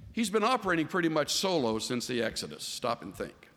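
Animated male pastor in an echoing hall. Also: on the high side, brisk. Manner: animated, voices the figures he quotes. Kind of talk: sermon. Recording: long hall reverb.

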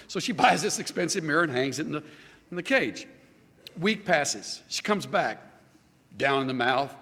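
A man preaching a sermon, animated, building up to a joke story. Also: high-pitched, normal speed, big-room sound. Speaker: pastor.

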